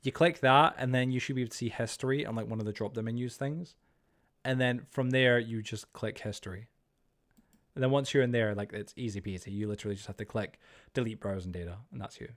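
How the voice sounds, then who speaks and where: Male game streamer, mid-pitched, loose rambling chat full of filler, teasing and joking with friends. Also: steady tone, fast talker. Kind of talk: casual live-stream chat while playing.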